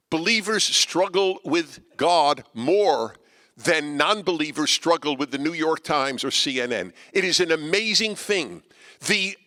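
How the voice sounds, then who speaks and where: A man addresses a live audience in an auditorium, combative and wry, pushing hard on his points. His voice has a bright, forceful edge, and long hall reverb trails after each phrase. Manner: emphatic, combative and wry, with sharp swings in pitch and loudness. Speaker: guest speaker.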